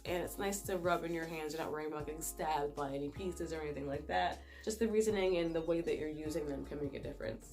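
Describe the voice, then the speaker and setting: A woman with a low, deep voice talks in a relaxed, chatty way as she shows things to the camera. She explains each step warmly and keeps the pace easy. Faint music plays underneath. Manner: chatty, warm explaining, showing stones to camera. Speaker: crystal vlogger. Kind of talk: casual how-to talk.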